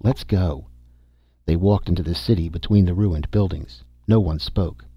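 A man narrating an audiobook in a steady, even reading with a husky voice. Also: low-pitched, normal speed, no echo, lo-fi sound.

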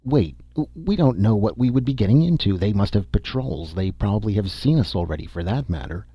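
A man voicing a blunt, impatient male explorer in a storybook reading, with a husky voice. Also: on the low side, lively intonation, fairly quick, no echo, highs cut off, pitched above the performer's own voice. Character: tall blond man, gruff and impatient.

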